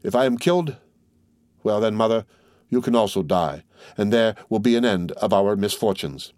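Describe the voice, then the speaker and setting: A man's voice: lowish voice, lively intonation, normal speed, darkish tone, no echo, clean studio sound, close to an everyday voice. A man voicing an earnest, resolute young man reassuring his mother in a storybook reading. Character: earnest young man, proud and devoted son.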